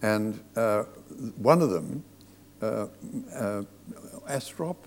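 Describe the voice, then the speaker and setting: A man's voice: fairly low pitch, lively intonation. Man telling stage stories in a hall. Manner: anecdotal, halting with many restarts. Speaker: theatre director. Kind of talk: storytelling on stage. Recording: long reverb of a hall.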